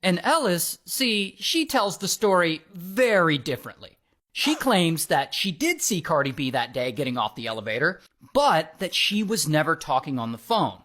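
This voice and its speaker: A man narrating a story in a casual, wry way, with dramatic pauses and amused asides. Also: a little high, big pitch swings, pushed and bright.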